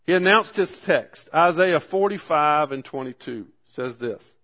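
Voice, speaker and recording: A man's voice: on the high side, expressive, a little slow, bright, forceful tone. A man preaching a sermon in a fervent, repetitive, folksy way, retelling a story and driving home one simple point.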